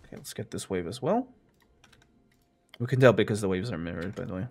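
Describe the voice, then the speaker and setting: A man's voice: sits low, animated, fairly quick, gravelly, husky. A young man chatting casually over his gameplay, joking and rambling as he plays. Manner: joking, rambling, self-mocking. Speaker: gaming streamer.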